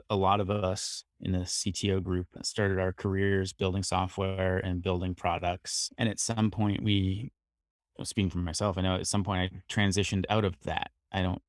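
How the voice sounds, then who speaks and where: A man speaking as a guest CTO in a panel discussion, measured and reflective. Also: low-pitched, no echo, studio quality.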